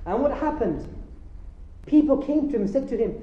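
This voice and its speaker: A man's voice: very high-pitched, lively intonation, normal speed, pauses often. A man giving a religious lecture, impassioned and rhetorical, asking his audience questions. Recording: roomy lo-fi lecture hall recording.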